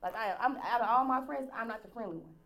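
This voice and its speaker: A woman chatting candidly on a podcast as a guest, slangy and quick to laugh. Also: on the high side, fairly bright tone. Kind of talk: casual podcast chat.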